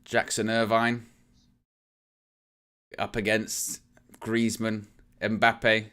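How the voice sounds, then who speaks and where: A man's voice: mid-range voice, moderate pace, bright, forceful tone, smooth. A man hosting a live fan stream, giving casual running commentary on a football match, with fillers and restarts. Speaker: fan channel host.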